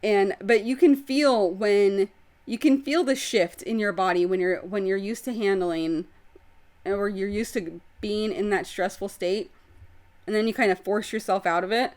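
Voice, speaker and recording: A woman's voice: mid-range voice, a little slow, a little mellow. A woman hosting her own podcast, talking candidly and expressively about her life, with casual swearing. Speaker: podcast host. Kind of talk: candid personal podcast talk. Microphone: video podcast setup.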